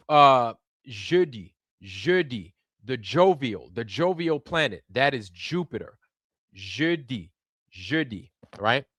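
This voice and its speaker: A man's voice: medium pitch, fairly bright tone, no room sound, studio quality. A man hosting a casual livestream, rambling and repeating words while checking in with viewers. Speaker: livestream host.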